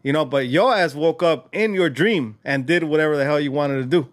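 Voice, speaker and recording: A man's voice: fairly high pitch, fairly quick. A man hosting a casual chat, teasing and joking in slang and dropping in Spanish.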